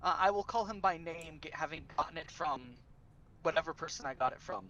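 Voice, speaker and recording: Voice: mid-range voice, fairly quick, bright, forceful tone, dull audio. A player in a tabletop game, speaking playfully and cheekily in character.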